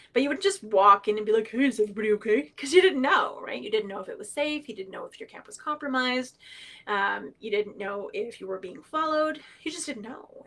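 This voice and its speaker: Bright-voiced, playful woman storyteller. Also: fairly high pitch. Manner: animated and playful, laughs often, acts out quoted voices. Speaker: storyteller and knowledge keeper. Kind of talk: humorous teaching storytelling on a livestream.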